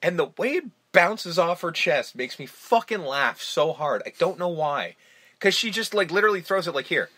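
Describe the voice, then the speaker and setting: Bright-voiced man retelling movie scenes. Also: fairly high pitch, normal speed. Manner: animated retelling of movie scenes, heavy swearing. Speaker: podcast host. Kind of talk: casual film discussion podcast.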